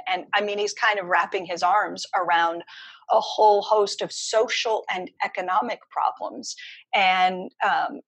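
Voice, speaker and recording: A woman's voice: fairly low pitch, fairly bright tone, no room sound, poor audio. A woman economist answering interview questions, explaining her views emphatically and at length. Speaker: economist guest.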